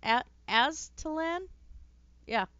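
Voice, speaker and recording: Casting: chatty, giggly woman streamer, slow-paced, dry lo-fi home mic. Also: high-pitched, lively intonation, fairly bright tone, no room sound. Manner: chatty, giggly, trails off into fillers. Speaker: let's play streamer. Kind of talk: casual gameplay commentary.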